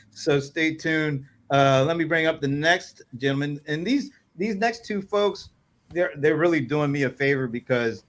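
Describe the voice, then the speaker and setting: A man with a medium-pitched, slightly bright voice hosts a casual livestream chat over a video call. He rambles, chuckling and dropping in many fillers.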